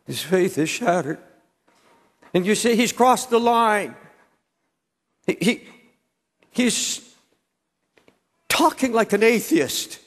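A man's voice: high voice, gravelly. An older man, a pastor, preaching an impassioned sermon in a large church, repeating words as he presses his points. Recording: church hall with long reverb.

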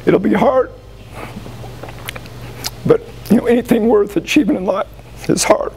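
Emotional American man giving a halting speech. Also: sits high, vocal fry, darkish tone, a little hiss or hum, low-quality recording. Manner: halting, emotional, with frequent pauses and restarts. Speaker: high school football coach. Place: banquet room with an audience.

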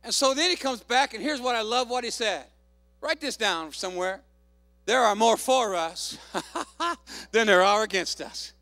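A man pastor preaching a fervent sermon, calling out hallelujahs and shouting to the congregation. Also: sits high, normal speed, dry recording.

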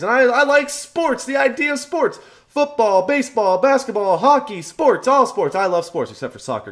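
A man ranting to camera as a vlog host, loud, profane and emphatic. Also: high-pitched. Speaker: channel host.

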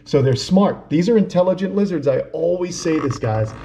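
A man hosting a reptile vlog, narrating in a casual, excitable way that sometimes tips into yelling. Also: fairly high pitch, normal speed, gravelly, slight background noise. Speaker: vlog host and reptile keeper.

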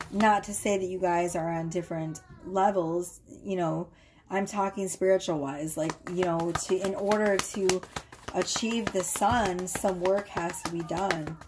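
Working from her home workroom, a tarot reader gives a casual reading, chatting away with fillers and plenty of tag questions. Her voice is mid-range, and there's a noisy background.

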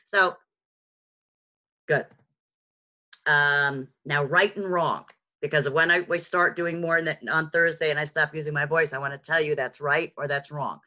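A woman with a strong New York accent leads a beginner class over a video call. Her voice is bright and forceful, and she talks in a frank, chatty way, tossing in jokes at her own expense. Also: low voice. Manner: lively, chatty and frank, with quick asides and self-mocking jokes. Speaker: sign language teacher. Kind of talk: live online lesson. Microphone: video call microphone.

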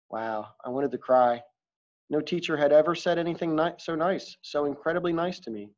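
A man's voice: fairly high pitch, normal speed, a little mellow. A man reading a first-person audiobook in a plain, confessional storytelling manner, in a dull lo-fi recording. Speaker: audiobook narrator.

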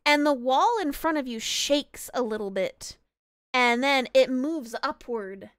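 High, smooth-voiced woman game master. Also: unhurried, no room sound, studio quality. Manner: rambling, many restarts. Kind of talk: narrating a tabletop game.

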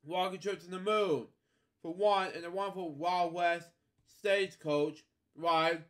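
A polite, cheerful cartoon mouse who speaks with eager friendliness, as a man reads him aloud. The voice is slightly high. It comes from a children's storybook reading. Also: steady tone, a little slow, a bit bright.

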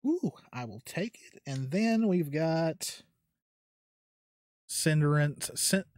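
A man narrates a trading card unboxing into a desk mic in a quiet house at night, drawn-out and unhurried, often pausing to sort cards. The sound is dry and close with no room echo. He gets excitable and breathless over good pulls. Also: on the high side. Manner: excitable, gasping, near tears; talks to himself while sorting cards. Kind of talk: casual unboxing commentary.

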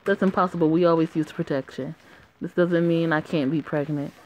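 A woman reading the lines of a cold, pushy young boyfriend in a flat, barely changed voice. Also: low voice, brisk, slight background noise, natural voice, rough recording.

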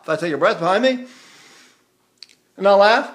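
A man's voice: high voice, fairly quick, long pauses, a bit bright. An older male voice teacher explaining technique in a chatty, folksy way, breaking off to hum and sing short syllables as demonstrations. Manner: demonstrates hums and sung syllables mid-explanation. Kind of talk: vocal lesson with demonstrations.

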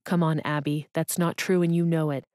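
Brief: woman narrator doing an earnest, wounded businessman boss, subdued, lowish voice, dry close sound. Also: fairly even intonation, moderate pace, a little mellow, no room sound, lightly acted.

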